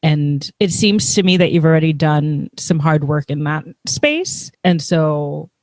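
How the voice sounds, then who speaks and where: A speaker in a casual conversation, talking in a thoughtful, measured way that restarts phrases to find the words. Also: medium pitch, expressive, a little mellow, no room sound, studio quality.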